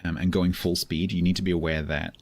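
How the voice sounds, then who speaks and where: During a casual game stream, a man coaches a newer player, explaining things step by step. He speaks fairly quickly in a deep, flat voice, patient but often restarting and searching for words.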